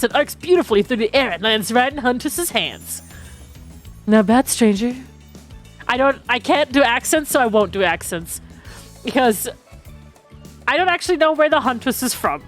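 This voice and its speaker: A woman streamer reading a game's story text aloud and cracking jokes between the lines, laughing often. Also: on the high side. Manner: playful, laughs often, breaks off to joke. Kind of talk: reading game text aloud with casual commentary.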